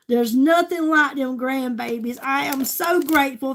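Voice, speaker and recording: A woman's voice: high voice, normal speed, few pauses. An older woman, a grandmother chatting casually with her livestream viewers in a gushing way. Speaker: livestream host.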